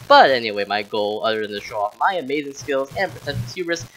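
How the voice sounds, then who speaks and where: A man's voice: mid-range voice, expressive, fast, fairly bright tone. A young man from the United States narrating a calculus walkthrough with mock-arrogant, sarcastic boasting. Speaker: student tutor. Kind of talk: sarcastic math walkthrough voice-over.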